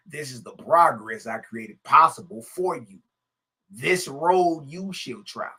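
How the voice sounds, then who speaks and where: A man's voice: on the high side, expressive, slow pace, bright, forceful tone, breathy edge. A man teaching a religious lesson, reading a scripture text aloud and breaking off into casual, laughing commentary that keeps asking "Hmm?" and "Huh?". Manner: laughs often while he talks.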